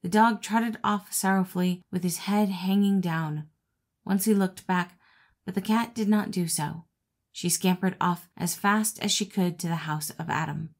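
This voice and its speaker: A woman narrating a classic fable as an audiobook reader, in a steady, expressive reading voice. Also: on the low side, a little slow. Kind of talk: storybook narration.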